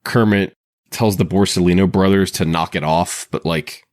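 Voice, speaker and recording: A man's voice: low-pitched, steady tone, normal speed, no room sound, clean studio sound. A man hosting a podcast in casual chat, talking loosely with frequent laughs and restarted sentences. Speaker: podcast host. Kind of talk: casual chat recapping a TV episode.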